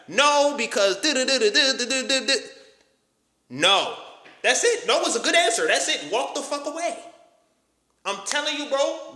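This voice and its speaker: A man's voice: sits high, bright, forceful tone, reverberant. A man giving a casual motivational talk in street slang, emphatic and profane. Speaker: motivational YouTuber.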